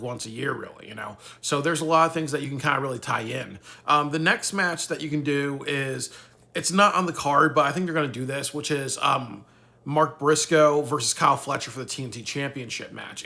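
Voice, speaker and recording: This wrestling commentator has a medium-pitched voice with vocal fry and a sharp edge. He rambles casually through a vlog, cursing freely and finishing his thoughts with "really."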